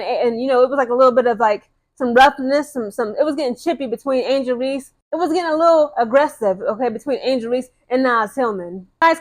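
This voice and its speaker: Young adult woman, high-pitched, rapid casual chatter, excitable vlog host. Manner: excited, chatty, full of fillers and slang. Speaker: sports vlogger. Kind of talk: casual chat to camera.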